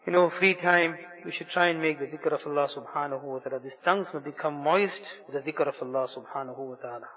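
Fervent husky-voiced man leading prayer. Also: fairly high pitch, fast, hardly any pauses, fairly bright tone, muffled recording. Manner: fervent, pleading, repetitive invocations. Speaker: imam leading supplication. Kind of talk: devotional prayer, supplication.

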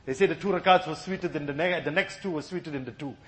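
A man's voice: fairly high pitch, quick pace. A man preaching a sermon in a mosque gathering, then leading a fervent, pleading supplication with a sobbing, breaking voice. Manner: fervent pleading repetition of "Ya Allah".

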